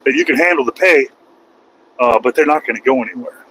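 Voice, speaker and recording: A man's voice: medium pitch, fast, fairly bright tone, slight background noise, poor audio. A middle-aged man, a truck driver, chatting casually and rambling with a folksy manner while driving his truck, swearing now and then. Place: truck cab on the road.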